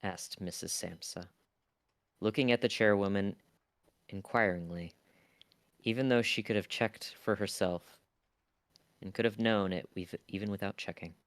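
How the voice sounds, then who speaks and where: A man with a very low voice reads a classic novel aloud for his livestream, stumbling over wording and restarting lines now and then. He is recorded close to the mic, so the sound is completely dry, with no room echo at all. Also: steady tone, moderate pace, pauses often. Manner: casual reading with stumbles and blunt asides. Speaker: streamer.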